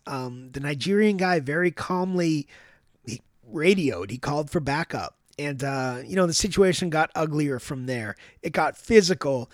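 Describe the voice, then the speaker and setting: A middle-aged man telling a long personal story as a podcast host, reflective, often pausing with "um" and checking in with "right?". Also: on the high side, dry recording, clean studio sound. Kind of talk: storytelling monologue.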